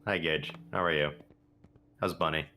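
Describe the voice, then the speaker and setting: A man's voice: a bass voice, steady tone, moderate pace, sharp tone. A man on voice chat making dry jokes with his friends during a game stream. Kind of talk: casual voice chat.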